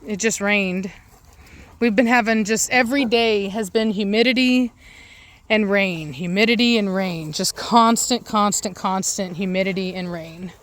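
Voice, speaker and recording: A woman's voice: medium pitch, measured pace. A woman dog breeder chatting casually outdoors in her yard, rambling and admiring as she films her dogs. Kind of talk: casual vlog commentary.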